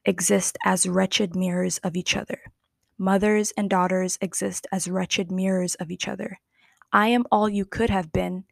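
A young woman in her twenties hosts her own podcast, talking in a candid, slangy, unhurried way and leaning hard on certain words. Her voice sits in a middle pitch range. The sound is close and dry, with no room around it. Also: no room sound. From Somali family. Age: 20s. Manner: candid, chatty, slangy, drawn-out emphasis. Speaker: podcast host. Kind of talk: casual personal monologue.

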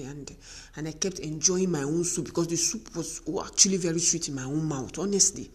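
A middle-aged Nigerian woman hosts her podcast with a motivational talk to women. Her voice sits a little low for a woman, and she tells her stories with animation, acting out the dialogue. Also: a little fast. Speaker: podcast host.

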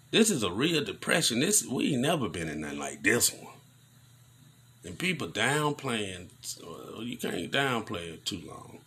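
A man giving casual news commentary on a vlog, preaching in animated rants full of slang. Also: deep voice, slight background noise.

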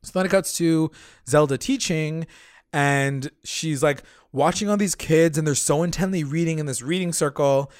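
Guy rambling casually on a podcast, kinda high voice, cusses a lot, super dry mic. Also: normal speed, dry recording. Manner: loose and chatty, lots of fillers and swearing. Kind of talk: casual chat.

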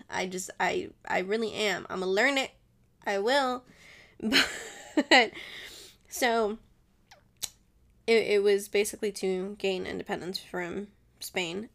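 Hosting her own podcast as a casual solo chat, a woman from a Mexican family rambles, laughs often, and now and then switches into Spanish. Her voice is gravelly and medium in pitch.

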